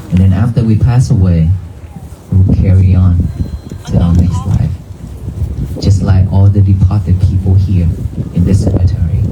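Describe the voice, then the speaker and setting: Low, slow-spoken man giving an outdoor talk. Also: dull audio, noisy background. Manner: calm, repetitive, asks the crowd questions. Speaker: Buddhist monk giving a talk. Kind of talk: outdoor dharma talk to a crowd. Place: outdoors in a cemetery.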